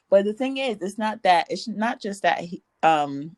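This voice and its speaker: A woman co-hosts a casual podcast chat with sassy, animated commentary. Her voice is mid-pitched and recorded dry and close, with no room sound at all. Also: measured pace, hardly any pauses, dry recording. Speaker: podcast co-host.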